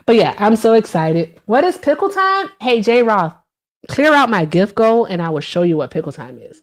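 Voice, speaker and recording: During a casual live stream, a woman in her thirties chats directly with viewers and responds to their comments. Her sing-song voice swings widely in pitch at a moderate pace, and her talk stays loose, chatty and packed with fillers.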